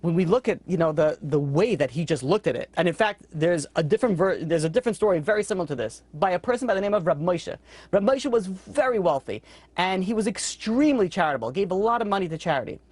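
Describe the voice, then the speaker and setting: Man, rabbi-teacher, rapid chatty storyteller, dry close mic. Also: expressive, a little mellow, slightly rough, no room sound. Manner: quick, conversational, acts out characters with sudden high-pitched outbursts. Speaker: rabbi teaching a weekly class. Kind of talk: storytelling Torah class.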